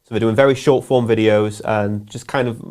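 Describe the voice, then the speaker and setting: A man's voice: lowish voice, steady tone, a little mellow. A man co-hosting a business live show, chatting casually with lots of fillers and laughs, his voice a little worn. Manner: quick, laughing, filler-heavy. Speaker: co-host.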